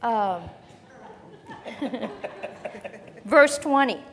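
A woman preaching to a congregation, her voice sitting a little high. She teaches from scripture in an animated, chatty way, breaking off into asides. The sound rings with the long reverb of a large church hall. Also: extremely slow. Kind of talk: sermon, Bible teaching.

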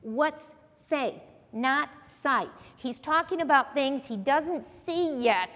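A woman preaching a sermon, animated and acting out the voices she quotes. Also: high voice, slow, big-room sound.

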